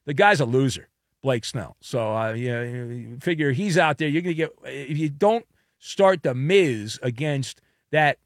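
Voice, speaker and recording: A man's voice: on the high side, animated, moderate pace, no echo. Wisecracking sports talk man, dry sound. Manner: punchy, jokey, full of food and fight metaphors. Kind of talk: opinionated commentary monologue.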